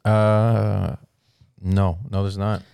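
A man on a comedy podcast, talking in a laid-back, hesitant way with many pauses. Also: on the low side, flat delivery, vocal fry, warm tone, smooth, no echo. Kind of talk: casual comedy podcast banter.

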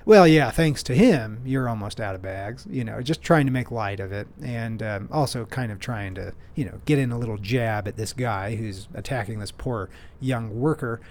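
This man has a mid-range, darkish voice as he hosts his own show. He rambles casually through solo storytelling, full of restarts and light self-mocking humor.

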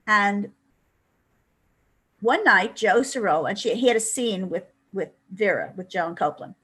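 Older woman, husky voice, chatty anecdotal guest. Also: mid-range voice, expressive, a little slow, a bit bright. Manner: chatty storytelling, many "you know" asides. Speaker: interview guest. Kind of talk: anecdotal interview.

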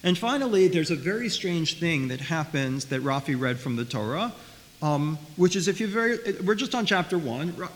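A man teaching a Bible study class, talking in a lively way, often repeating words and asking his listeners questions. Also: on the high side, normal speed. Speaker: Torah teacher. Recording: faint hiss, long reverb.

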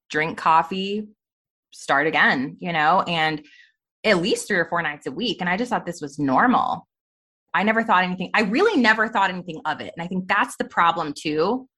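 A woman in her thirties, a podcast guest candidly telling her personal story with lots of "like" and "you know". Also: on the low side. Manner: candid, animated storytelling with frequent "like". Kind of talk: personal testimony in a faith podcast interview.

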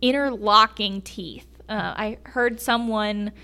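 A woman's voice: mid-range voice, takes it slowly, gravelly, pushed and bright, smooth. A woman guesting on a podcast, telling enthusiastic stories about animals and laughing as she goes. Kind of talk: casual storytelling chat.

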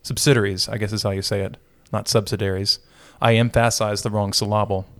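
A man's voice: lowish voice, little pitch movement, fast. A middle-aged man co-hosting a podcast, chatting casually and joking, rambling with restarts. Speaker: podcast co-host.

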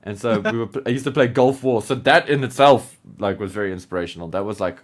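A man co-hosting a podcast in casual chat, animated and laughing, with lots of filler words. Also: fairly low pitch, fast. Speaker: podcast co-host.

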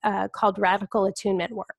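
A woman's voice: medium pitch, flat delivery, fast, gravelly, no echo, clean studio sound. A woman hosting a podcast, asking a long question while hesitantly searching for words. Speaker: podcast host. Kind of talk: interview question.

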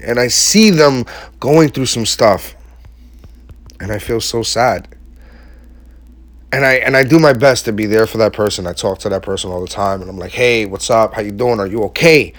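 A man's voice: mid-range voice, fairly bright tone, dry recording. Earnest man, casual slang, dry sound. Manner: earnest, casual slang, rising to emphatic repetition. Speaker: vlogger speaking to his audience. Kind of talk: heartfelt motivational monologue.

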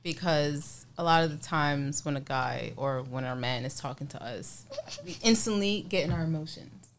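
Low-voiced woman in relaxed podcast chat. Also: normal speed, a little hiss or hum.

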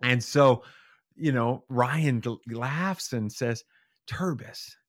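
Animated man telling a story. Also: mid-range voice, slow pace, dry recording, studio quality. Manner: animated, acts out quotes with shifting voices. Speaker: podcast guest; father. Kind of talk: casual storytelling.

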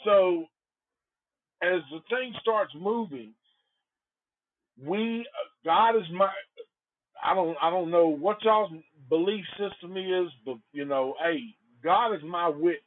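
A man hosting a podcast, telling a story in a rambling, profane, animated way. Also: high voice, slow, long pauses. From Antioch. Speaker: podcast host. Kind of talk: casual storytelling. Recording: phone-like lo-fi audio.

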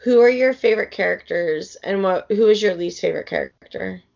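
Woman co-host, easygoing and agreeable, fry in her voice, lo-fi dull audio. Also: medium pitch, lively intonation, brisk, darkish tone. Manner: easygoing, agreeable, uses lots of fillers. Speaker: book podcast co-host. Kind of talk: casual book discussion.

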